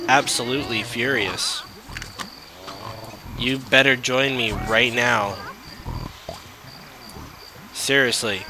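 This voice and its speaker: Unhurried man scolding his game creatures. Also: medium pitch, pushed and bright, a little hiss or hum. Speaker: let's play host. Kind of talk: casual gameplay commentary. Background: game music.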